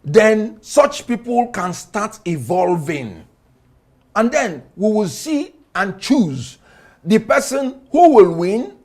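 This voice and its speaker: Fiery Nigerian man, high lively voice. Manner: fiery, declaiming, rising to shouts. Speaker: interview guest, lawyer. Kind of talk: impassioned political interview.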